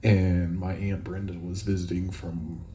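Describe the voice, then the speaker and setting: A man's voice: deep voice, level tone, unhurried, mellow, slight background noise. A man who is a podcast guest, telling stories in casual chat and laughing often.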